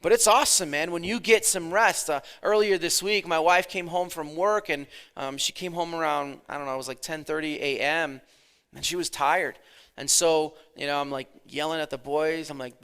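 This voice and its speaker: A pastor in his thirties giving a conversational sermon, dropping his voice low and then swelling for emphasis. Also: steady tone, brisk, fairly bright tone, clean tone.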